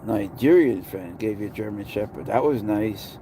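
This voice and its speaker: A man's voice: lowish voice, lively intonation, moderate pace, noisy background. A man chatting casually in a blunt, sarcastic way, answering viewers' comments on a livestream. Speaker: pet owner streaming to viewers.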